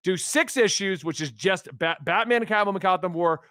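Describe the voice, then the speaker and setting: A man hosting a casual podcast chat, speaking in an excitable, emphatic way. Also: high voice, fairly quick, dry recording, studio quality. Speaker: podcast host.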